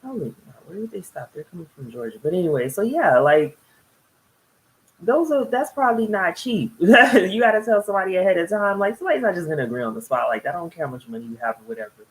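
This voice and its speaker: Talking fast in a fairly low pitch, this young reviewer gushes through a reality show episode with a lot of animation over a low-quality recording. Her casual recap rambles, punctuated often by laughter between thoughts.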